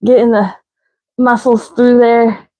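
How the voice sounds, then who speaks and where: A woman's voice: on the high side, little pitch movement, takes it slowly, mellow, lo-fi sound. A woman leading a live workout as fitness instructor, counting reps and cueing stretches while out of breath. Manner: counting reps, breathy and winded between cues.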